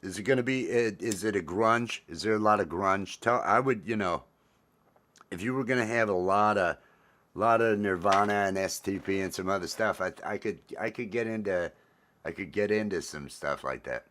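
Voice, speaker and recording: A relaxed man chatting on his own livestream, drifting from thought to thought and saying things twice. His voice sits on the low side. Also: normal speed, slight background noise. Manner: laid-back, rambling, repeats phrases, greets viewers by name. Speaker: livestream host. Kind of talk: casual livestream chat.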